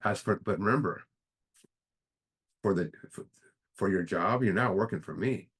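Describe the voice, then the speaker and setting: A man's voice: low voice, moderate pace, a bit bright, slightly rough, exaggerated voice. A man voicing God, who bargains and then speaks tenderly, in a parable told at a recovery meeting. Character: stern yet loving God, male, all-powerful.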